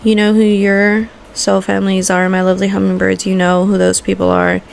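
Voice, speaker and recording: A woman's voice: mid-range voice, lively intonation, a little fast, vocal fry, soft background music. A woman hosting a makeup vlog, giving a heartfelt, emotional motivational talk with casual swearing. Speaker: vlogger and makeup host.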